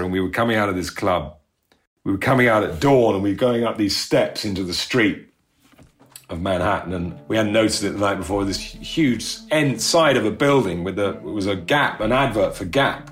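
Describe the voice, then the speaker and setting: A middle-aged man telling rambling, self-deprecating stories in a casual interview, laughing often. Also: fairly low pitch. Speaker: actor recalling a show.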